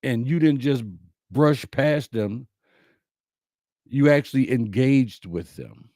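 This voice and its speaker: A man hosting a talk, speaking slowly and emphatically, repeating his key lines to his listeners. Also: mid-range voice, dark tone, no echo, studio quality. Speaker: host. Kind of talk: inspirational talk to a live audience.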